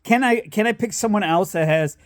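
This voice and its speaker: A man voicing his grumpy father, gruff and swearing as he complains. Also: sits high, brisk, dry recording, close to an everyday voice. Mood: grumbling.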